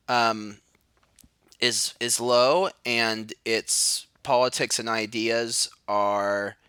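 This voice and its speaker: A man hosts a solo podcast monologue. He is sardonic and self-mocking, and his fairly low voice has a bright, forceful edge. The sound is close and dry. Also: dry recording. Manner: sardonic, self-mocking, shouts mock cries. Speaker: podcast host.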